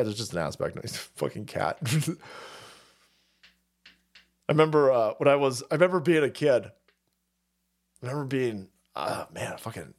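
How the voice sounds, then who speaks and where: Male stream host, crude and chatty, tells stories with plenty of laughs, voice swings up and down. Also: medium pitch. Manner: swears constantly, laughs often, animated storytelling. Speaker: livestream host reading chat. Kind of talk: profane casual rant.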